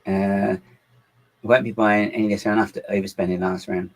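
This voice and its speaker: A man's voice: lowish voice, flat delivery, normal speed, low-quality recording. A man chatting casually on a livestream as he builds LEGO, reading out viewers' comments and muttering his thoughts to himself. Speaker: LEGO builder streaming live.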